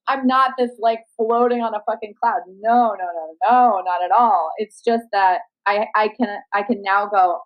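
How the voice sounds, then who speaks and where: A woman's voice: medium pitch, fairly even intonation, normal speed, hardly any pauses, low-quality recording. A woman in casual chat on a video call, talking candidly and swearing freely. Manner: candid, swears freely, acts out quoted talk. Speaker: guest.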